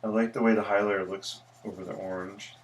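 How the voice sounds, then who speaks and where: A man's voice: on the low side, flat delivery, a little fast. A man, an architect who teaches, chatting casually with viewers on a livestream while he sketches. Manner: chatty, greets viewers, rambling asides.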